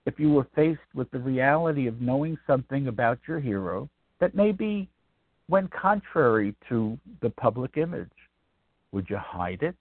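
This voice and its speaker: A man's voice: mid-range voice, husky, dry recording. Old guy author rambling thoughtfully, tinny phone sound, dry. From Brooklyn, New York. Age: 80s. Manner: rambling, reflective, many ums and restarts. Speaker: author guest. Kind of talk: radio interview answers.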